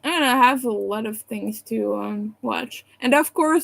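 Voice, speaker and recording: A woman's voice: medium pitch, moderate pace, vocal fry, hardly any pauses, low-quality recording. A sleepy woman on a casual livestream from home, rambling and apologizing as she thinks aloud. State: sleepy, yawning.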